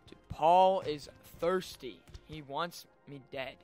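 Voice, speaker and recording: A young man giving casual, excitable commentary while playing a video game. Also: a little high, slow pace, clear, resonant tone, faint music behind. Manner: excitable, yelps and shouts at sudden moments. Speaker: gaming video host.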